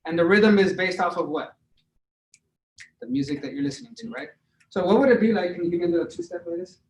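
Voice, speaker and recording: An energetic man with a high voice runs a hands-on sales training, checking in with his listeners as he goes. He sits well back from the mic, so his voice rings around a roomy space. Faint background noise sits under the talk. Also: fast talker. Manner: energetic, demonstrative, keeps checking in with "right?". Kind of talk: interactive training session. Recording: roomy, echoey sound from far off the mic.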